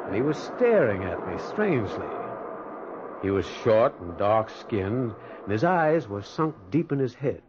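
A man's voice: lowish voice, measured pace, noisy background. An actor playing a lonely man haunted by memories who narrates his own story in 1940s radio acting. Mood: narrating. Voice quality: husky, expressive storytelling. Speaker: narrator and lead character. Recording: dull lo-fi old radio recording.

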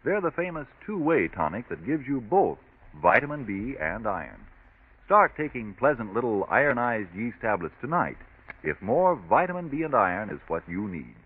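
A male announcer delivering smooth, persuasive, scripted radio announcements and an ad. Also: medium pitch, big pitch swings, normal speed. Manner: smooth, persuasive, formal address. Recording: tinny scratchy old radio broadcast.

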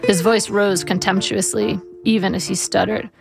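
A woman reads her memoir aloud with a wry, measured and reflective delivery. Her voice has a gravelly fry at the edges and sits at a middle pitch. Faint guitar music plays softly behind her. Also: steady tone. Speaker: memoir narrator. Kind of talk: audiobook memoir narration.

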